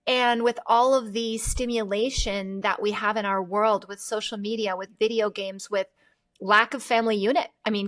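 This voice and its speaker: A woman hosting a podcast interview, asking long questions and thinking aloud in an animated way. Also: mid-range voice. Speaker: podcast host. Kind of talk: conversational interview.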